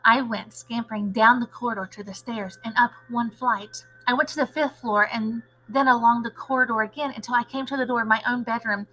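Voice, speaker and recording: A woman teacher reading a children's novel aloud in an expressive, animated way. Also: on the high side, brisk, few pauses, slight background noise, low-quality recording. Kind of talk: storybook read-aloud narration.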